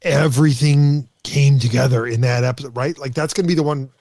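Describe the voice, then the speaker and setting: A man co-hosting a podcast, chatting casually in a quick, joking way. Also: medium pitch, fairly even intonation, a little mellow, dry recording. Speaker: podcast co-host. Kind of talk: casual chat.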